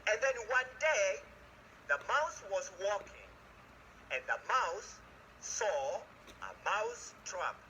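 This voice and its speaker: A man telling a folk tale slowly and emphatically, with pauses for effect. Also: sits high, slight background noise, low-quality recording. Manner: slow, emphatic, animated with pauses. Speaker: storyteller.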